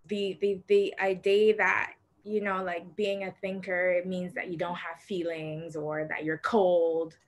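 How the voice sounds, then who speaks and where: Woman, workshop participant, earnest, reflective, halting speech. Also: fairly low pitch, little pitch movement. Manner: thoughtful, earnest, halting with fillers. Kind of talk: casual reflective sharing.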